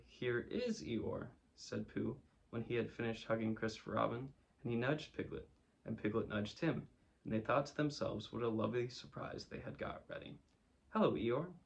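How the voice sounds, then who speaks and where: A man narrating a children's storybook in a gentle, measured reading voice. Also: mid-range voice, creaky, lo-fi sound. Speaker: storybook reader.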